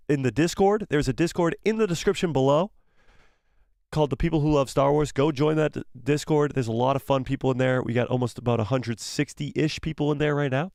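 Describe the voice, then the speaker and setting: An excitable man hosts a live stream, chatting with viewers and reading their messages aloud, his voice worn and hoarse from talking. He sits at a mid pitch, and the sound is close and dry with no room around it. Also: dry recording. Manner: excitable, frequent exclamations and quick laughs. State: losing his voice, throat-clearing. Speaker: livestream host.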